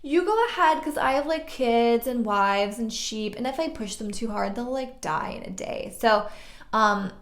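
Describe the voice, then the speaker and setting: Crafty trickster shepherd, overeager and chatty, woman voicing him; gravelly, roomy. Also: a little high, a little slow. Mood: eager. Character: sly eager man, smooth-talking trickster shepherd. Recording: roomy echo.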